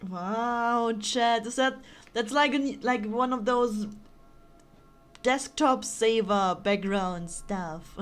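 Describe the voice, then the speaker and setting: A woman's voice: a little high, slow, faint music behind. A woman streaming a video game, chatting casually with a giggly, dramatic and apologetic manner. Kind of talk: casual live-stream gaming commentary.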